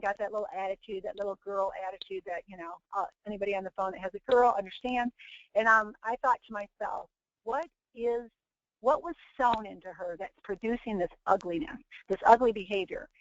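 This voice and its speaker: A woman's voice: mid-range voice, a little fast. A middle-aged woman hosting a motivational webinar. She talks earnestly, in a preachy way, with many restarts. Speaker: webinar host and team leader. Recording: dull, dry lo-fi webinar audio.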